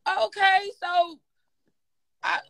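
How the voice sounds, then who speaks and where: A woman's voice: very high voice, little pitch movement, drawn-out words, gravelly, a bit bright, no room sound. A woman chatting casually on a livestream, teasing and reacting as she listens to a story. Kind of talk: casual chat.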